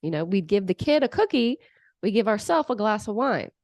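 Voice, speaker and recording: In a brisk, medium-pitched voice, a young adult woman offers advice on emotions directly to the camera. She animatedly mimics parent voices to illustrate her points, and the recording is dry.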